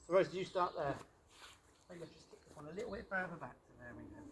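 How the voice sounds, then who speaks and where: A man coaching children through a ball drill on an outdoor pitch, encouraging and playful. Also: lively intonation, fast, slight background noise.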